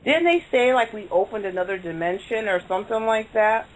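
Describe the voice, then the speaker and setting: A woman's voice: medium pitch, expressive, brisk, rough recording. A woman on a casual radio chat, asking questions and tossing in theories. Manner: inquisitive, tosses in theories. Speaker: show regular. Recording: faint background noise.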